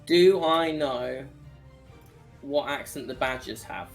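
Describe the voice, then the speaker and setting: A man playing a tabletop game, calmly reporting his rolls and asking questions. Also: mid-range voice, slow, vocal fry, soft background music. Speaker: player. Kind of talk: casual tabletop play.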